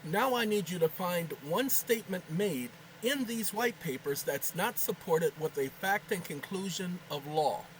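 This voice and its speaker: A man's voice: sits high, animated, a little slow, few pauses, a little hiss or hum, poor audio. A man hosting his own video channel, chatting casually at home, rambling and joking while scolding aside. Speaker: channel host. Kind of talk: casual talking-head video chat. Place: home kitchen.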